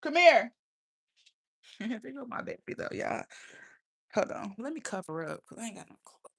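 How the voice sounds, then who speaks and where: A woman's voice: fairly high pitch, very animated, unhurried, gravelly, slightly rough. A young adult woman talking casually and bluntly on a livestream, often profane and laughing. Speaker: live streamer.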